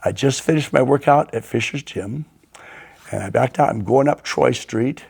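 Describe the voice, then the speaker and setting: A man hosting a podcast, telling animated anecdotes in a casual storytelling style and throwing in sound effects. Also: medium pitch, normal speed, vocal fry, breathy edge. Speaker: podcast host.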